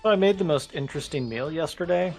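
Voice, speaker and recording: A man's voice: a little high, fairly quick, gravelly, faint music behind. A man co-hosting a gaming video, chatting drily and explaining things at length. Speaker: co-host. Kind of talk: casual gaming chat.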